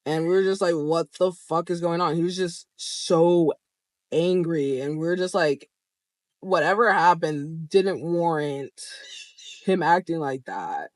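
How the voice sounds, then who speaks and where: A young adult vlogger telling a story straight to camera, animated and expressive, swearing often. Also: medium pitch, unhurried, no echo. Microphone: camera framed close to the speaker.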